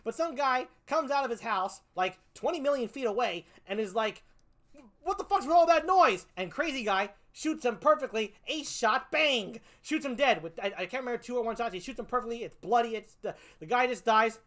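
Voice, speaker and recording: A woman's voice: fairly high pitch, animated, brisk, hardly any pauses, a bit bright. A woman comedian doing a stand-up routine, profane, exasperated and mocking as she picks apart a film.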